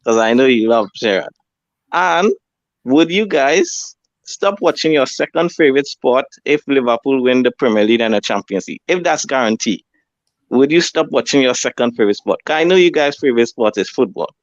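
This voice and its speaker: A man calling in to a fan show, talking in a relaxed, friendly way with plenty of slang. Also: medium pitch, brisk, dry recording. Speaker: caller. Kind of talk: casual call-in chat. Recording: dull lo-fi line.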